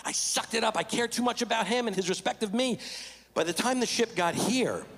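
Animated male stand-up comic on a reverberant stage. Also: very high-pitched, a little fast, vocal fry. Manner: animated, self-mocking storytelling. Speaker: stand-up comedian. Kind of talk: stand-up comedy. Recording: reverberant stage recording with background noise.

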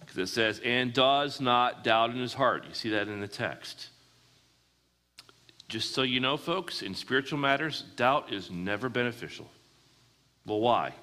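A man's voice: mid-range voice, lively intonation, measured pace, pushed and bright. A man preaching a sermon, often asking his listeners questions and answering them himself. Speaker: pastor. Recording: hall with long reverb.

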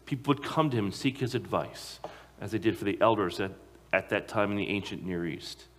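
A man preaching a sermon to a congregation, emphatic, slowing down to stress key phrases. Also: lowish voice, lively intonation. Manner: emphatic, slows down on key phrases, occasional repeated words.

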